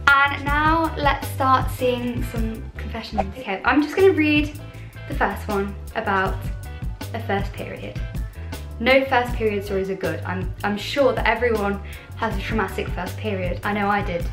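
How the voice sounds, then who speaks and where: A young British woman, a YouTuber, chats in a bubbly, self-deprecating way at a normal speed and fairly high pitch while reacting to viewer confessions on her vlog. The room is echoey, with faint music.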